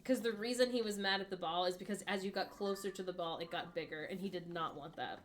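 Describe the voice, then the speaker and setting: A woman's voice: on the low side, fast, slight background noise. A woman co-hosting a casual stream, telling anecdotes with dry humour. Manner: chatty anecdote-teller, dry jokes. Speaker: co-host.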